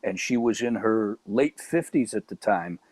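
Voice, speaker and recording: A middle-aged man with a Chicago accent, a stand-up comedian telling a lively anecdote as a guest. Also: on the low side, a little slow, no echo. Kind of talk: storytelling in casual chat.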